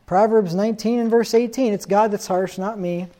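A man's voice: high voice, steady tone, normal speed, warm tone. A man preaching a sermon in a stern, insistent tone, reading scripture aloud and asking rhetorical questions.

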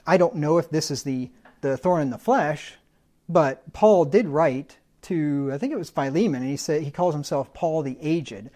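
A man's voice: a little high, normal speed, dark tone. A man preaching a sermon in a conversational teaching manner, defining words and adding folksy humorous asides.

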